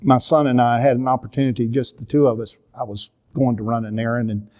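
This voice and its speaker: A man in his sixties speaks at a church seminar, his Southern drawl carrying an earnest, confessional tone. His voice sits in a middle pitch as he teaches through stories of his own family. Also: fairly even intonation, quick pace, warm tone, dull audio. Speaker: minister and counselor teaching a seminar.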